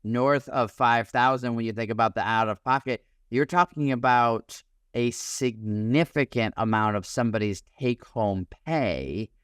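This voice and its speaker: A man's voice: mid-range voice, a little slow, a bit bright, clear, resonant tone, no echo, clean studio sound. A man hosting a podcast interview, thoughtful and conversational. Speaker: podcast host.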